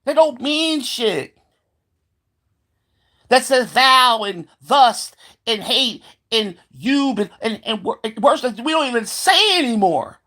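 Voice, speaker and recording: Vlogger ranting to camera: heated and sarcastic, swears nonstop, trips over repeated words, medium pitch. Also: very animated, slow, pushed and bright. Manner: stumbles into repeated filler words; mocking voices of believers. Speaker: solo vlogger. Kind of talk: profane rant to camera.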